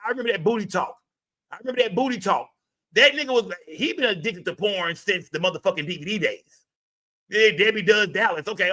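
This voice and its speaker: A man hosting a livestream, loud and profane, reacting to his chat in casual commentary. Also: fairly high pitch. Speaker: livestream host.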